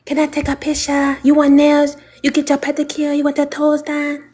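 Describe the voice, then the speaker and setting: A woman's voice: high voice, completely flat delivery, moderate pace, darkish tone, lightly acted. A woman voicing a chirpy shop clerk who fires off sing-song questions in broken phrasing in a comedic skit. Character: chirpy female takeout and salon clerk.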